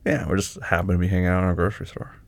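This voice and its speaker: A young man in a one-sided boyfriend role-play, talking to the listener in a gentle, teasing, affectionate way. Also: low-pitched, steady tone, very fast, vocal fry.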